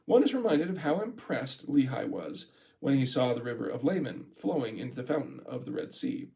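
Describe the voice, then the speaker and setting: Brisk and dark-toned, with vocal fry and big swings in pitch, a man's mid-range voice carries a casual book reading full of asides and laughter. He's an amateur reader, and the audio quality is poor.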